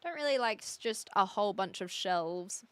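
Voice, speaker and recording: A young woman live streamer chatting casually with her viewers, reading their comments aloud and thinking out loud in a chatty, indecisive way. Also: mid-range voice, lively intonation, moderate pace, clean tone, dry recording.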